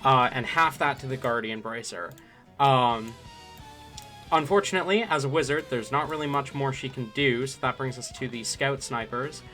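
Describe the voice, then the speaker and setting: Male game master, unhurried and meandering, bright-toned voice. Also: medium pitch, soft background music. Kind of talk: narrating a tabletop game.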